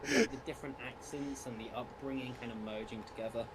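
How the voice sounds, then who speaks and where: A man's voice: mid-range voice, fast talker, fairly bright tone. A man chatting casually on a game stream, dry and wry, rambling through his points.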